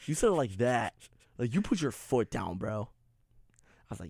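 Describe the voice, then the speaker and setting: A man's voice: medium pitch, very animated, moderate pace, gravelly, darkish tone, breathy edge, no room sound. Young male co-host, casual and jokey, mid-range voice, dry close studio mic. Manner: joking, laughs often, plays with silly accents. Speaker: co-host of a college radio sports show. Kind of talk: casual sports radio chat.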